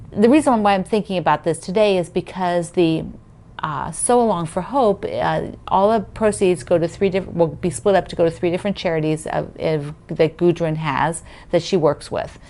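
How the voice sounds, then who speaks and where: A woman with a somewhat low voice hosts a casual quilting video. She rambles warmly through her thoughts, full of fillers and restarts. She gushes with enthusiasm. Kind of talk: casual chat.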